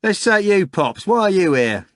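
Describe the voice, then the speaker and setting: A man doing a loud jeering fat cook. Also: sits high, very animated, moderate pace, dry recording, clean studio sound, pitched above the performer's own voice. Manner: shouting, mocking.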